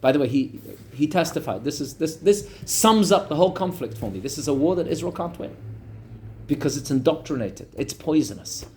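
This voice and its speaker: A man teaching a class as a rabbi, telling a story in an animated way and talking directly to his audience. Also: a little high, a little fast, a little hiss or hum. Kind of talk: storytelling lesson.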